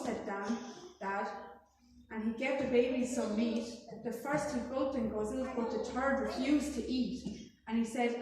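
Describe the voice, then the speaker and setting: A woman's voice: on the high side, unhurried, a little mellow, a little hiss or hum. A woman storyteller reading a rhyming picture book aloud to children in a rhythmic, sing-song way and asking them questions. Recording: echoey hall from far off.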